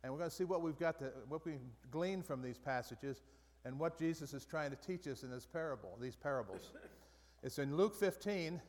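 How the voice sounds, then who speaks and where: A man leading a Bible study group in a relaxed, conversational way, often restarting and repeating phrases. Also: on the high side, a little fast. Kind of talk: casual Bible study teaching. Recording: long reverb from a large room.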